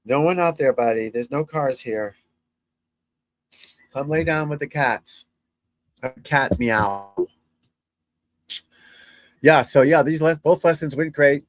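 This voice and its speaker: This golf instructor's live chat with viewers is loose and rambling, coming from a room in his house, with occasional breaks to speak to his dog. He talks slowly at a fairly high pitch, leaving long pauses, on a rough recording.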